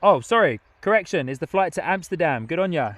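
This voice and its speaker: A man's voice: on the high side, big pitch swings, normal speed, fairly bright tone, no room sound. Chatty man hosting a live stream. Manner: chatty, reads viewer comments aloud, laughs often. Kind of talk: casual live commentary. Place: outdoors at an airport viewing spot.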